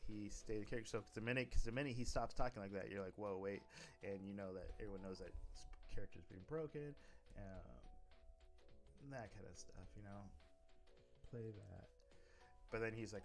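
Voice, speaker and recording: A man's voice: on the low side, moderate pace, soft background music. A man streaming, talking casually about running a role-play server, rambling with frequent restarts and self-corrections. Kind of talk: casual livestream talk.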